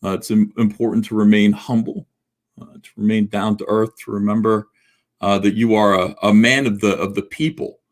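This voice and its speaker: Flat and moderately paced, a man's lowish voice carries a casual livestream. The host, in his forties, reads viewer comments while rambling, mocking himself, and restarting often amid plenty of fillers.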